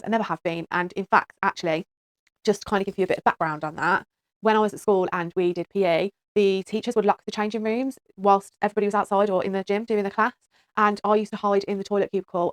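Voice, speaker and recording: A woman's voice: medium pitch, no echo. A woman in her thirties, a mother of four, chatting to camera in a playful, self-mocking way. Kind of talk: casual chat to camera.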